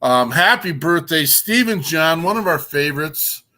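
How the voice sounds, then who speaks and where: A man's voice: a little high, expressive, measured pace, sharp tone. A man hosting a casual show, enthusiastic and rambling, with many ums and uhs. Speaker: podcast host.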